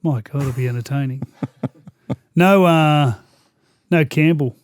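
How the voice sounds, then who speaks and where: A middle-aged man with an Australian accent, talking footy in a relaxed, chatty way with a slightly higher voice. He tells stories with animation, and the sound is close and dry. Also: unhurried, dry recording. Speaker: former rugby league player, guest co-host. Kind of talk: casual chat.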